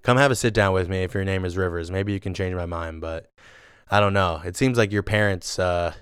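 A slightly drunk man rambles through a loose podcast chat, swearing and joking as he goes. His voice sits low and comes across smooth and resonant. The recording is dry and close. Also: brisk, fairly bright tone, no echo. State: a little drunk. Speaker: podcast co-host. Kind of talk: casual chat.

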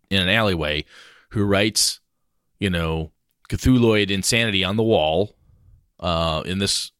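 A man co-hosting a casual chat about running tabletop games, animated and acting out players' voices. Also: low voice, no room sound, studio quality. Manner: animated, acts out players' lines, swears casually. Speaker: game master podcast co-host.

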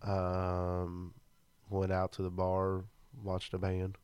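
Young male podcast co-host, late twenties, low smooth voice, dry close studio sound, crude casual banter. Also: monotone, slow pace, darkish tone, no echo. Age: 20s. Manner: laid-back, swears freely, laughs a lot. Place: small studio.

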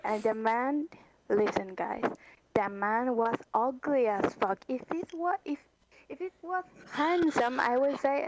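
Slow, high-voiced woman. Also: a little hiss or hum, poor audio. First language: Spanish. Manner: animated storytelling, heavy swearing, searches for English words. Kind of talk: casual chat.

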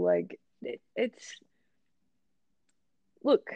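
Woman, podcast co-host, animated storyteller, creaky, dry muffled recording. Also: medium pitch, normal speed, no room sound. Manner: animated storytelling, acts out both sides of conversations. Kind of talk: casual chat.

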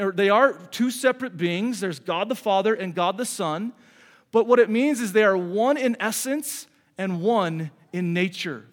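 A man's voice: sits high, in a large hall. A middle-aged man preaching a sermon as a pastor, earnest and conversational, often restarting his sentences.

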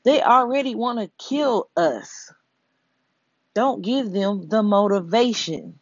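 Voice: mid-range voice, expressive, slow pace, dry recording. A person giving a blunt, profane commentary rant straight to listeners, speaking emphatically and often asking "you know what I'm saying". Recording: dull, lo-fi, dry audio.

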